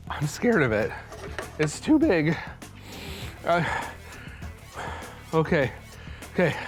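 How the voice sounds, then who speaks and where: A man hosting a cooking show, chatting in a rambling, self-mocking, nervous-joking way. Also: a little high. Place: studio kitchen.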